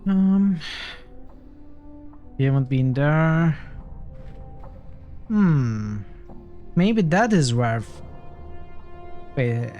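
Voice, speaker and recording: A man's voice: a little high, lively intonation, extremely slow, long pauses, a little mellow, muffled recording, soft background music. A man streaming a role-playing game, thinking aloud and repeating himself as he checks items and maps. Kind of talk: casual gameplay commentary.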